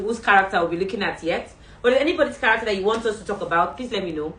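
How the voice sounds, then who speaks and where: A woman's voice: medium pitch, racing, hardly any pauses, fairly bright tone, recorded from a distance. A Nigerian woman hosting a faith show, giving earnest, chatty exhortations as she signs off a livestream. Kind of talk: livestream sign-off talk. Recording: roomy, off-mic, faint background hum.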